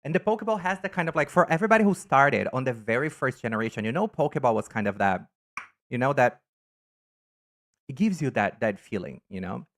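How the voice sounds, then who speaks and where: A campy, animated man talks casually on a live stream and greets his viewers by name. His voice sits at a middle pitch but swoops up and down with lively intonation. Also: fairly quick, a little hiss or hum. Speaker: live streamer reading chat. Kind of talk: casual live-stream chat ranking items.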